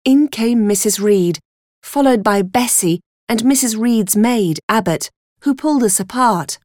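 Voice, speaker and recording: A woman narrates a storybook in the first person with a slow, deliberate pace. Her voice sits at a middling pitch, and the recording is dry and close, with no room sound. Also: animated, darkish tone, no echo. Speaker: audiobook reader.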